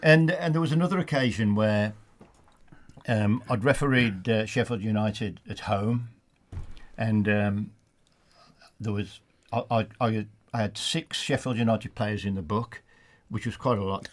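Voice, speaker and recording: Older black country bloke telling ref stories, lowish voice, lots of restarts. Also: male voice, unhurried. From England. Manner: anecdotal, laughs at his own stories, many restarts. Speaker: studio guest, former referee. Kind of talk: storytelling in a casual chat.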